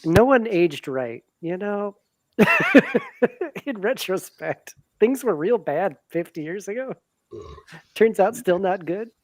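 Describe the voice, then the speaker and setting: Lively voice with laughing asides. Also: mid-range voice, takes it slowly, long pauses, dry recording. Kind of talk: casual chat.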